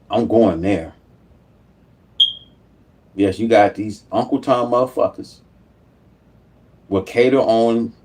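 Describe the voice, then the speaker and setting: A man's voice: medium pitch, darkish tone. A man giving an angry, profanity-filled political rant as a YouTube commentator, repeating himself as he goes. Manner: profane, heated, repetitive.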